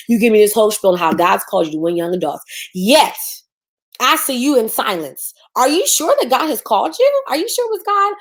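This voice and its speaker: Sassy, gravelly-voiced woman coach. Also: on the high side, very animated, fast talker. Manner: sassy, preachy, acts out mocking voices. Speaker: business coach. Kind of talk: livestream teaching.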